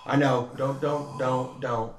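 A man's voice: medium pitch, level tone, takes it slowly, reverberant, a little hiss or hum. A man casually telling stories among friends, acting out quotes in changing voices. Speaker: podcast co-host. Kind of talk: casual storytelling chat.

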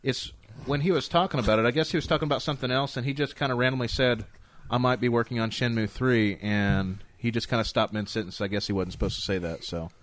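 A man chatting on a gaming podcast, rambling and excitable, with a casual habit of swearing. His voice sits at an ordinary middle pitch. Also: quick pace. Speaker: podcast host.

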